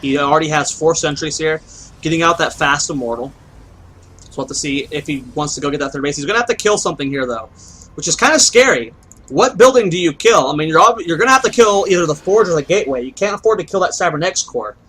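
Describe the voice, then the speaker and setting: A man's voice: a little high, lively intonation, quick pace, fairly bright tone, slightly rough, poor audio. A man giving solo play-by-play commentary on a strategy game match, chatty and explanatory, often thinking aloud and asking himself questions. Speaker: esports caster.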